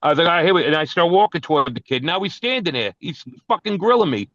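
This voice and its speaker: A man's voice: on the high side, big pitch swings, fast talker, a bit bright, dry recording. Brash, profane Brooklyn man telling stories. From New York. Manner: brash, profane storyteller acting out quotes. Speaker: podcast co-host. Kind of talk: casual storytelling chat. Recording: dull, dry lo-fi recording.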